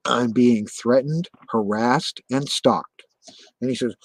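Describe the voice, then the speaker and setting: An agitated man tells his story in rough, profane bursts and circles back to the same insistence over and over. His voice sits at an ordinary middle pitch. The recording is dry, with no room sound. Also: measured pace, darkish tone, dry recording. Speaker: guest telling his story. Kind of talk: casual conversation.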